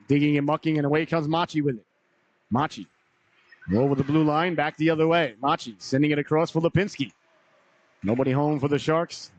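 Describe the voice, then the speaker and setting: Slightly hoarse hockey play-by-play man. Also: a little high, muffled recording, slight background noise. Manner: brisk name-by-name calls with folksy asides. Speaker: play-by-play announcer. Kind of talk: live hockey commentary.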